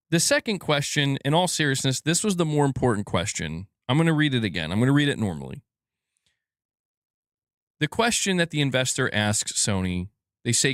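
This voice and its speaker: A man speaks at a mid pitch, close to a dry-sounding mic with no room echo. He comments casually on a live stream. His delivery is loose and profane. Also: big pitch swings, brisk, long pauses, fairly bright tone. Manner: casual and profane, laughs at himself. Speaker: gaming news streamer.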